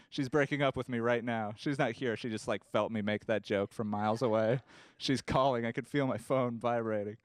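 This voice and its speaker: A man's voice: mid-range voice, smooth, dry recording. A man performing a rambling, self-deprecating stand-up comedy set on a club stage.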